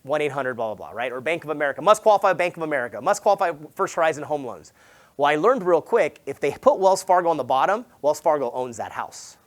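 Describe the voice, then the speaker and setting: A fairly high-voiced man speaks from the stage at a sales summit, running a personal story in loose, slangy speech. He keeps checking in with the crowd with "right?" and leaps up in pitch and loudness whenever he quotes someone. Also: quick pace. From Southern California. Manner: animated, acts out quoted dialogue with big jumps in pitch and volume; casual, peppered with "like" and "right?". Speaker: real estate agent speaking at a sales summit. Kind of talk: energetic motivational keynote storytelling.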